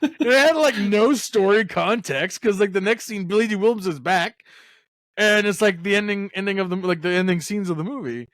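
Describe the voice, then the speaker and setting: A man's voice: high-pitched, moderate pace, fairly bright tone, no echo, clean studio sound. A man hosting a casual movie-review podcast, rambling and swearing as he retells scenes. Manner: rambling, swearing, acts out lines with laughs. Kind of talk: casual chat.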